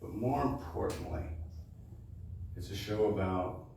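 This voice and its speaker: A man, a baritone singer, casually introducing his show to a live supper club audience and often checking in with "okay?". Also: measured pace, creaky, darkish tone, slight background noise. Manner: chatty, keeps checking in with "okay?". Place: supper club performance room. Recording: echoey room, distant mic.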